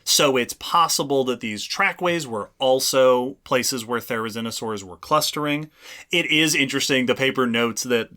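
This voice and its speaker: A man's voice: mid-range voice, moderate pace, pushed and bright. A man co-hosting a casual podcast, explaining at length with frequent restarts. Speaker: podcast co-host. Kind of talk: casual chat.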